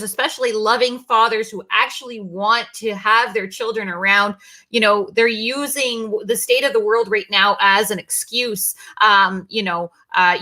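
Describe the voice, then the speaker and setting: A woman's voice: on the high side, pushed and bright. A woman hosting a talk show, speaking in a concerned, questioning way with fillers. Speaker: host.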